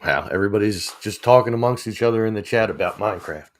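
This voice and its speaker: A man's voice: on the low side, fast. A man, chatting casually with viewers on a livestream, rambling and chuckling as he reads the chat. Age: 40s. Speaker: livestream host.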